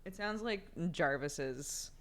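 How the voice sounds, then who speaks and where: A woman's voice: deep voice, expressive, slow, a little hiss or hum. A woman streamer, sick, chatting casually and giggling often as she reads out names. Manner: giggly, laughs often while reading out names. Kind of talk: casual live-stream chat.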